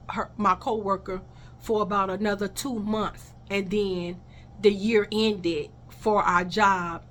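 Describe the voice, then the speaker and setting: A woman's voice: mid-range voice, fairly bright tone, a little hiss or hum. A woman telling a personal story in a casual vlog, blunt and heated, swearing freely and talking straight to her viewers.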